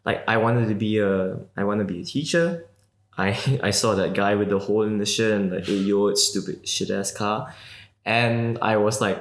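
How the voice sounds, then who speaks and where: A young man from Malaysia, a guest in a casual interview, talking quickly and loosely with lots of "like" fillers and the odd swear word. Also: fairly low pitch. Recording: roomy echoey recording.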